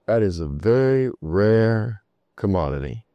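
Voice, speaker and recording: A man's voice: fairly low pitch, expressive, unhurried, no room sound, highs cut off. A male preacher delivering a sermon in a storytelling way, repeating key phrases for emphasis.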